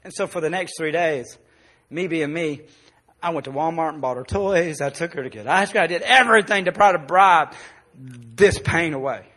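A male pastor preaching a sermon, telling a personal story and dropping soft and low in the emotional parts. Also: normal speed.

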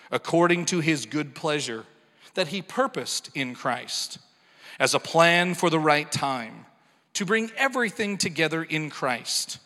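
A man reading a scripture passage aloud in a church, measured and formal. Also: on the high side, sharp tone. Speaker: scripture reader. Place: church sanctuary. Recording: echoey large hall.

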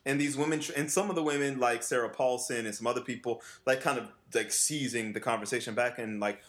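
A man co-hosting a casual talk show, a vocal coach who chats animatedly, laughs often and slips into quick impressions of other people. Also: medium pitch. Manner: animated, mimics voices often, laughs a lot. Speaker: podcast co-host and vocal coach. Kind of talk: casual chat.

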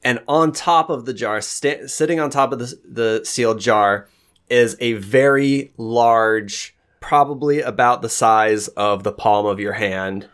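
Casual, halting male game master. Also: medium pitch, fairly bright tone. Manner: casual, halting, many fillers and restarts. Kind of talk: narrating a tabletop game.

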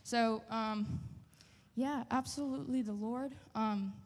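A woman sharing a personal testimony in church, earnest and halting, with many fillers. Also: a little high, steady tone, in a large hall. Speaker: church member giving testimony.

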